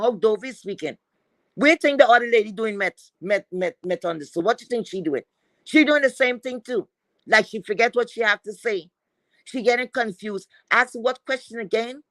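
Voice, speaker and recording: A woman's voice: medium pitch, fairly bright tone, dry recording, poor audio. A woman commentator on a livestream, ranting in a blunt, profane, scolding way. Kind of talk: heated commentary rant.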